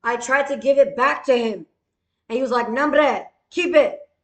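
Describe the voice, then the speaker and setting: A woman's voice: a little high, a little fast, echoey room. A woman telling a rambling, profane story in a casual way, with many fillers.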